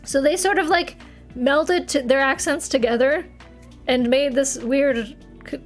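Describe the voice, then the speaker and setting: A woman's voice: sits high, fairly even intonation, unhurried. A young adult woman with a northern US accent, chatting casually on a livestream, giggly and playful as she answers viewers. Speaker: streamer. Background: faint background music.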